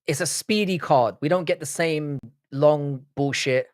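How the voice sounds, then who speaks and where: A man's voice: on the high side, unhurried, no echo, clean studio sound. A young man hosting a live stream, casually bantering with chat, swearing freely and often restarting his sentences. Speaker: livestream host.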